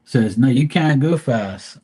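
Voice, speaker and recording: A man holding forth in casual live-stream chat, blunt and profane as he rants. His voice is dark and mellow, with a husky edge to it. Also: medium pitch, expressive, measured pace. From Bermuda.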